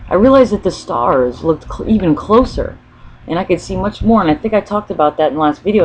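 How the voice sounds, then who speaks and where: A woman's voice: low voice, darkish tone. A woman vlogging in a casual spoken monologue, rambling as she thinks aloud and often restarting mid-sentence. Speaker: spiritual vlogger. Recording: dull lo-fi recording.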